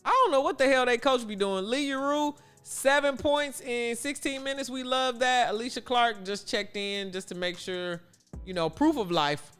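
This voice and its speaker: A man's voice: very high voice, normal speed, fairly bright tone, smooth, soft background music. A man from Chicago hosting a casual sports livestream, chatty and answering his viewers' chat aloud. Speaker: livestream host.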